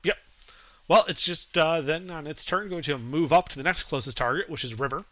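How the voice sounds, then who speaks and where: A man's voice: fairly high pitch, a little fast, sharp tone, no room sound. A man acting as dungeon master, calling out rolls and damage on a live stream. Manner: calls out rolls and damage, laughs easily. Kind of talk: running a tabletop game on a live stream.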